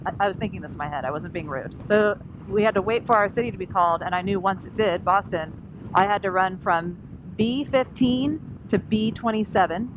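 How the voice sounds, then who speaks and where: Woman, scooter vlogger, animated storyteller, laughs often, road and engine noise behind. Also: medium pitch, fairly quick. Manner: animated, laughing, acts out quotes. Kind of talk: casual storytelling vlog.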